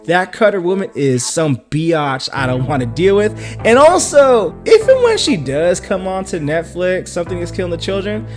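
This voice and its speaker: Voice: medium pitch, normal speed, hardly any pauses, faint music behind. A comic book reviewer narrating a story recap in a casual, slangy, joking way. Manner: slangy, animated, jokey.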